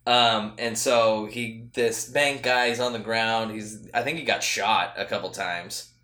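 Bright forceful guy rambling about movies, echoey room. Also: fairly low pitch, steady tone, measured pace. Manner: rambling, swears, restarts often. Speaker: podcast co-host. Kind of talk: casual chat.

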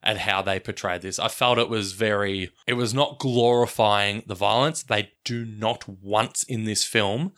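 A man's voice: lowish voice, fairly even intonation, a little slow, few pauses, a bit bright. A man hosting a casual film podcast, chatting animatedly and acting out quoted people. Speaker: podcast host.

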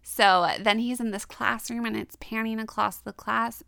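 A woman's voice: fairly high pitch, moderate pace, vocal fry, smooth, no room sound. A woman co-hosting a podcast, casually retelling an anime episode with lots of laughs and quoted lines. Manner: giggly, animated retelling with quoted voices. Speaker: podcast co-host.

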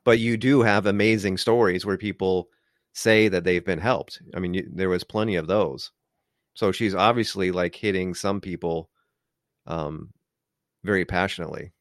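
Low-voiced man in rambling casual talk. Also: fairly even intonation, normal speed, no room sound, studio quality. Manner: rambling, many filler words. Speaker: podcast co-host. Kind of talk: casual discussion.

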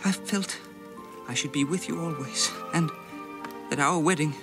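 A timid young groom. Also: male voice, fairly high pitch, measured pace. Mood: earnest. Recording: film clip with music underneath.

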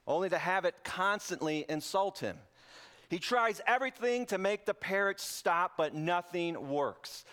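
A pastor preaching in a joking, easy way. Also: male voice, a little high. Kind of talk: sermon. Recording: podcast intro over loud guitar music.

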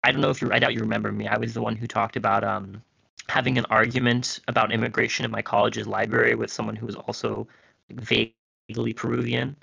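A man's voice: medium pitch, flat delivery, quick pace, gravelly, sharp tone, slightly rough, no room sound. Young male caller, rambling, crude, opinionated, glitchy dull phone line. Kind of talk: casual call-in chat. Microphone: phone while driving.

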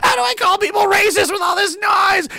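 A shrill, screeching falsetto whiner, yelled out a little off the mic, with a man doing the voice. The tone is sharp and bright and the sound is dry and close. It is broad, mocking caricature in a casual spoken stream. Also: brisk, creaky, no room sound, exaggerated voice. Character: shrieking whiny online complainer, mocked.

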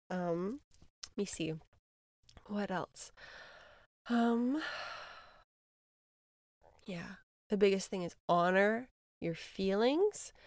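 Earnest soft-spoken woman, dry close sound. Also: medium pitch, dry recording. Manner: earnest, hesitant with many fillers and restarts. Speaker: spiritual podcast host. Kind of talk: casual reflective monologue.

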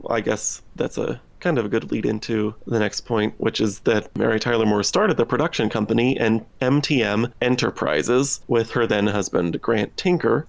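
A man's voice: lowish voice, creaky, no echo. A man co-hosting a podcast, talking thoughtfully in a casual discussion with some dry sarcastic humor. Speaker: podcast co-host.

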